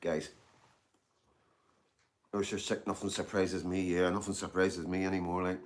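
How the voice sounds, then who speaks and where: Deep-voiced and flat at a moderate pace, this man chats casually on a live stream from Glasgow while reading out his chat. He's rambling and repetitive, full of "you know what I mean," and pauses to eat and drink tea.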